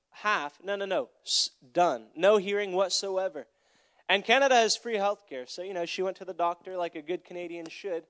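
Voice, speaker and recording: A young man preaching a sermon as a traveling evangelist, telling a story and swinging from quiet asides to loud calls to the crowd. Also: high-pitched, smooth. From Florida.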